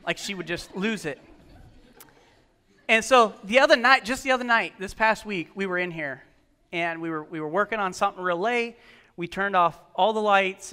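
Bright, clear-voiced pastor preaching. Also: male voice, sits high. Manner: storytelling, asks the congregation questions. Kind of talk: sermon. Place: church.

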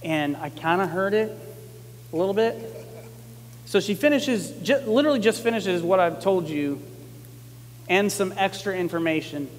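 High-voiced pastor preaching in a reverberant hall. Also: male voice, normal speed, pauses often. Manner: conversational, animated when quoting, emphatic repetition. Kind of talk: sermon.

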